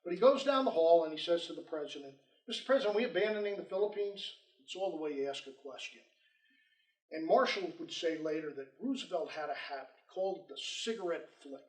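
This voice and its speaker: A man giving a storytelling history lecture, animated and acting out quoted dialogue, in a lecture room with roomy echo. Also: on the high side, fairly quick. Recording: roomy echo, distant mic.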